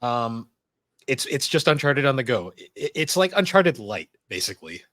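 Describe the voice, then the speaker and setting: A man's voice: mid-range voice, sing-song, normal speed, a bit bright, no room sound. A man hosting a casual gaming podcast, talking steadily and reviewing games point by point. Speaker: podcast host.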